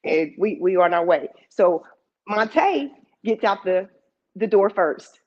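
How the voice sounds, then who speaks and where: A woman telling a personal story to a live audience in a lively, conversational way, heard in a dull lo-fi recording. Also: medium pitch, slow pace. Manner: lively, conversational, with laughs and asides. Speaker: storyteller and emcee.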